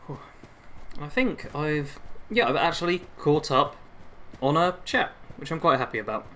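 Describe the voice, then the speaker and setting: A man's voice: a little high, expressive, measured pace, bright, forceful tone, slight background noise. A young man live streaming a game on a headset mic, chatting constantly and reading chat aloud.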